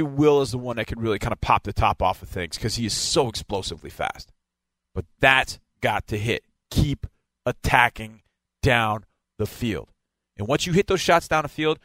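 A man breaks down a football game plan in an emphatic, hammering way, with a middle-pitched voice. He repeats key points to drive them home. His voice is close and dry, with no room sound. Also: fairly bright tone, no room sound. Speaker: football analyst.

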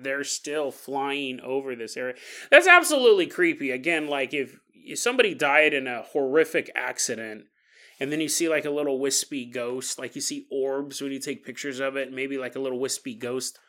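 A man's voice: mid-range voice, bright, forceful tone. A man hosting a podcast, telling ghost stories casually with playful, jokey asides. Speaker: podcast host. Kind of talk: casual paranormal storytelling.

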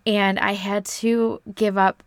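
A woman telling a personal story about her son, earnest and halting, a little emotional and stumbling over her words. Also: mid-range voice, flat delivery, clear, resonant tone, no room sound. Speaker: parent of a son with spina bifida, podcast guest. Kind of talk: reflective personal story in conversation.

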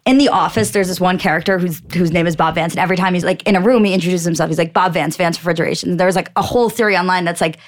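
Fast-talking woman podcast co-host. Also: fairly low pitch. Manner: quick, animated storytelling. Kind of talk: casual chat.

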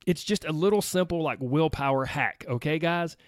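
An American man with a Southern accent hosts his own weight loss podcast as a solo monologue, chatty and upbeat, speaking straight to his listeners. His voice sits on the high side at normal speed, recorded clean in a studio with no room sound.

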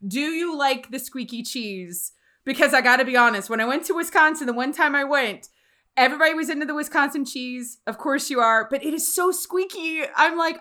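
A woman from Louisiana hosting a casual chat, animated and full of quick questions and laughs. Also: sits high.

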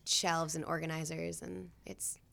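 A woman's voice: low-pitched, little pitch movement, unhurried, vocal fry, fairly bright tone. A young woman guest in a casual chat, enthusiastic and talkative with many fillers.

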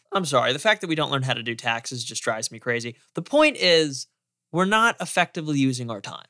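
A young man hosting a podcast, narrating in an animated, opinionated way. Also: medium pitch, brisk, no room sound, studio quality. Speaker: podcast host.

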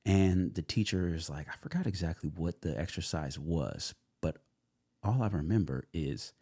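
A young adult man, a guest in a casual interview, telling his story in an animated way with lots of fillers and acted-out quotes. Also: sits low, moderate pace, breathy edge, dry recording, clean studio sound. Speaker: guest, actor.

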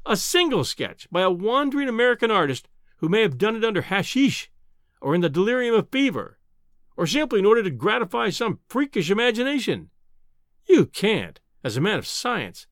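A man narrating an adventure novel in the first person, measured and wry. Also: sits high, dry recording, studio quality. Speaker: audiobook narrator.

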